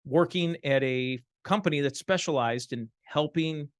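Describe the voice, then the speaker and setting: A man from the Chicago area being interviewed as a guest in a studio, answering in a friendly, measured way with many fillers. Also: a little high, dry recording. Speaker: guest, franchise consultant. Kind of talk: casual interview.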